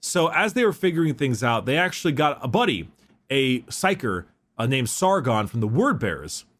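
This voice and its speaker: A man's voice: medium pitch, big pitch swings, normal speed, fairly bright tone. Man rambling casually on a podcast. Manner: rambling, laughs often, fumbles names. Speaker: podcast co-host. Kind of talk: casual chat.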